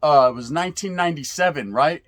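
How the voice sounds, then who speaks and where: A man in his forties from California tells old street stories in a relaxed, slangy way, sprinkling in Spanish words and swearing freely. His voice sits a little higher than most men's. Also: quick pace. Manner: laid-back street slang with Spanish words mixed in, frequent profanity and "right?" tags. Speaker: storyteller recalling youth prison days. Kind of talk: casual storytelling.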